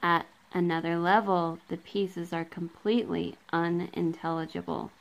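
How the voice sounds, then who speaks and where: A woman's voice: lowish voice, fairly even intonation, a little slow, vocal fry, low-quality recording. A woman vlogger reading passages of a book aloud to her viewers, marking each quote and end quote, with casual asides and frequent ums, recorded on a camera she holds herself. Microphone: handheld camera.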